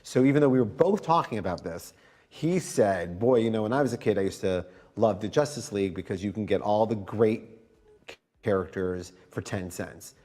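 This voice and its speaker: A man with a Cleveland accent, a comic book writer telling an animated anecdote in an archived interview clip and mimicking other people as he goes. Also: on the low side, moderate pace.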